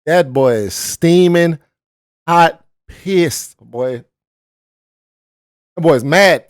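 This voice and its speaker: A man's voice: on the high side, very slow, no room sound, studio quality. A man hosting a reaction video, heckling a clip in profane, slangy casual commentary. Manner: profane, heckling, mock-lecturing; dialect-heavy casual slang.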